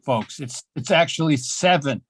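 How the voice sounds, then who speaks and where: An older man doing a self-mocking stand-up set at an open mic, with deadpan delivery and halting fillers. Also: fairly high pitch, husky, dry recording. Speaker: stand-up comedian. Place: small comedy club.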